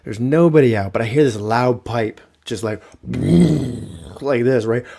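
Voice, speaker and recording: A man hosting a podcast, telling comic stories in an animated, profane way. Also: mid-range voice, normal speed. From Canada. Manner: animated, profane, rhetorical "right?". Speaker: podcast host. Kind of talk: comic storytelling.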